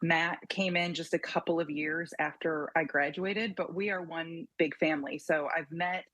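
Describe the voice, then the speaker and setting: Low-voiced woman on a news panel. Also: steady tone, moderate pace, fairly bright tone, no room sound, rough recording. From Tennessee. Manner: earnest, with restarts. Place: TV studio.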